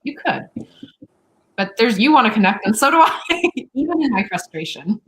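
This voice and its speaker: A woman hosts an interview show in a fairly high voice with wide pitch swings, speaking at a normal speed. Her talk is chatty, full of fillers and personal stories, and the recording quality is low.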